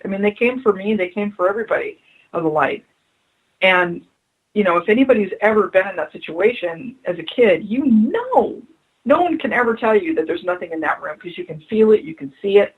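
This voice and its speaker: A woman's voice: mid-range voice, animated, a little fast, slightly rough, narrow, tinny audio. A woman being interviewed on radio as a spiritual adviser, telling stories earnestly and repeating her key phrases for emphasis. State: choked up.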